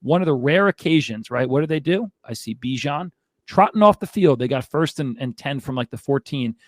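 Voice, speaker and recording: A man's voice: a little high, expressive, a little fast, no room sound, clean studio sound. A man hosting a fantasy football show, ranting in an exasperated, casual way. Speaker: fantasy football podcast host. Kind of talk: casual sports commentary.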